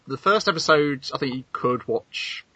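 A man's voice: medium pitch, expressive, moderate pace, bright, forceful tone, husky, no echo. A man hosting a casual anime review chat, reading out credits with wry asides, on a dull lo-fi recording. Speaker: podcast host. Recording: dull lo-fi dry sound.

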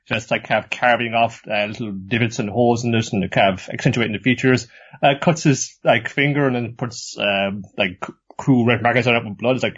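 A man's voice: medium pitch, fairly even intonation, brisk, husky. Man rambling through an anime recap. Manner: rambling recap full of acted voices. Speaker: podcast co-host. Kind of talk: casual anime review chat. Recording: dull lo-fi recording.

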